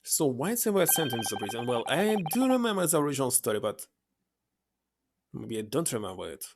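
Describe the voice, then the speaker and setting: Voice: medium pitch, big pitch swings, brisk, a little hiss or hum. A streamer chatting casually while playing a story game, thinking aloud between read-out lines. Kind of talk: live gameplay commentary and reading game text aloud. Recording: loud game music under the voice.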